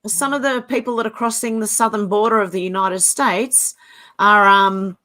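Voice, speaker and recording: A woman hosting a live call-in show, friendly and agreeable, quick to laugh. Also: medium pitch, steady tone, pushed and bright. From Australia. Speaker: host. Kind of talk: casual call-in chat.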